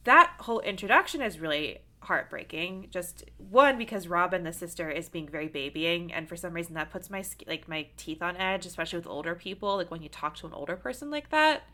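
Lively laughing woman, bright voice. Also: fairly low pitch, fairly quick, hardly any pauses. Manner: animated, laughs loudly, many fillers. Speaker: podcast co-host. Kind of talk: casual film discussion.

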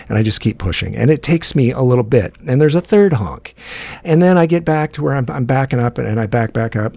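A man's voice: medium pitch, vocal fry, darkish tone. A man telling a long story in casual chat, swearing often and restarting his sentences. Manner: profane, rambling, many restarts. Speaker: podcast co-host telling a story.

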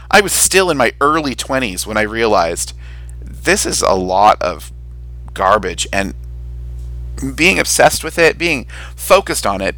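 A man co-hosting a casual podcast, rambling and animated, often jumping up into a high excited voice and swearing casually. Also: dry recording. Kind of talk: casual chat.

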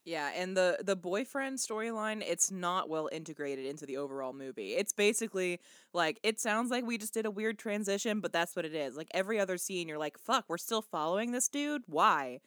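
A woman in casual podcast chat, giving relaxed, critical takes on a film's acting and story. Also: lowish voice, a little fast, clean tone, dry recording, studio quality. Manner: relaxed, critical, laughs along. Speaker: podcast co-host. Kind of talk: casual movie review chat.

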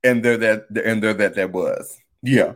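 A vlogger in a casual commentary monologue, animated and exclamatory, swearing freely and cackling often. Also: mid-range voice, a little slow.

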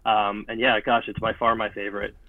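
A man's voice: lowish voice, level tone, brisk, slight background noise. A young man guesting on a podcast, friendly and hesitant, with plenty of fillers. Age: young adult. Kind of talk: casual interview. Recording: tinny dry phone-like line.

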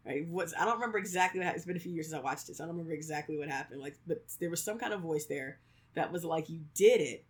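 A podcaster in their thirties chats casually with a co-host. They act out the quotes as they go and fill the talk with "like"s and laughter. The pitch sits in the middle. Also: racing. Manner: animated storyteller, acts out quotes, many "like"s; laughs often. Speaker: podcast co-host, creator of fictional worlds. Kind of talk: casual chat.

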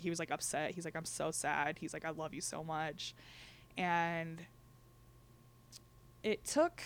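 A woman's voice: sits low, fairly bright tone, slight background noise. A young woman speaking candidly as a guest, telling a personal story in a casual conversational way, laughing between lines and acting out what others said.

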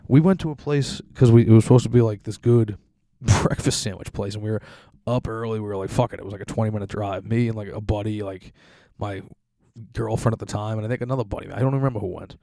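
A young man rants on his podcast, cursing freely and laughing at his own complaints. His voice sits fairly low and mellow, and the recording is dry and close. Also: quick pace, dry recording. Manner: profane, rambling, laughing complaints. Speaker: podcast host. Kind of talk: casual profane podcast rant.

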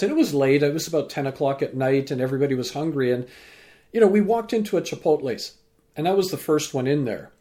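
A man guest on a podcast, a teacher and speaker, telling a story with lively acted-out dialogue. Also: fairly high pitch. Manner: animated, acts out quoted dialogue. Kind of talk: storytelling in an interview.

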